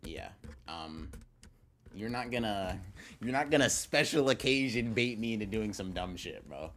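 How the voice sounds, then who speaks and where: A young man co-hosting a podcast, in casual livestream chat, with mumbled, halting, deadpan banter. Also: on the low side, a little hiss or hum. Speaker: podcast co-host.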